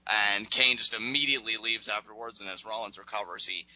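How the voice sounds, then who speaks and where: A man with a strikingly bright voice hosts a casual podcast recap, rambling along with lots of fillers. He acts out other people's lines as he goes. The sound is dry and close. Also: on the low side, a little fast, no echo, rough recording. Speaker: podcast host recapping wrestling.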